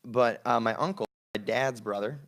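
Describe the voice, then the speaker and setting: A man's voice: medium pitch, normal speed, vocal fry, a bit bright. A young man co-hosting a podcast, telling rambling stories in a casual, laid-back way with crude jokes, in a studio. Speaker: podcast co-host. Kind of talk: casual chat.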